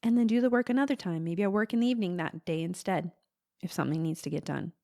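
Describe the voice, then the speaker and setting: A woman's voice: fairly low pitch, fast, gravelly, a little mellow. A young adult woman hosting a casual solo podcast as a therapist, talking conversationally and acting out frustrated inner voices. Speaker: podcast host and ADHD therapist.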